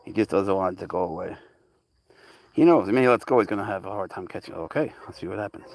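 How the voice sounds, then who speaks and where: A man with a deep, gravelly voice talks fast while hosting a casual livestream about his pet cat. He chats with viewers, wanders into rambling asides, and coos at the cat.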